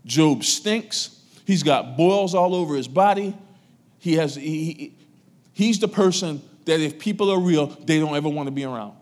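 A man pastor preaching a sermon to his church, his loudness swinging between raised emphasis and quiet asides. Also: a little high, normal speed. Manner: preaching with strong rises and drops in loudness.

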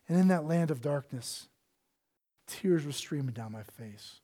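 This male pastor's voice is a little high and his pace measured as he preaches with earnest passion. He moves back and forth between loud, emphatic lines and quiet ones that are nearly whispered.

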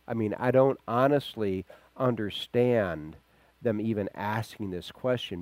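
A man preaching a verse-by-verse sermon, acting out the quoted voices and swinging between loud emphasis and quiet asides. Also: on the low side, no echo. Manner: acts out quoted voices, chuckles. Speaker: pastor. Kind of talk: expository sermon.

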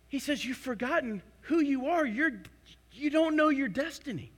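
A man preaching a sermon to a congregation, emphatic, swinging between loud declarations and hushed asides. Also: extremely high pitch, lively intonation, moderate pace. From United States. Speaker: pastor.

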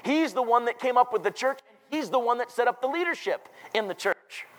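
A man with a high voice preaching a sermon from scripture. He talks emphatically and climbs to loud, ringing declarations. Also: animated, brisk, poor audio.

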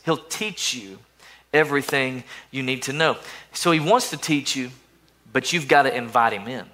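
Bright-voiced pastor preaching casually. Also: male voice, mid-range voice, normal speed. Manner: conversational preaching, repeats words, quotes inner voices in a softer tone. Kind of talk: sermon. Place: church service.

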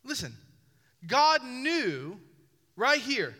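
High bright-voiced guy preaching, repeats stuff for punch, long reverb like a big church hall. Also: expressive, measured pace. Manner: preaching with rising emphasis and repeated phrases. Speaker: pastor. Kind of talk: sermon.

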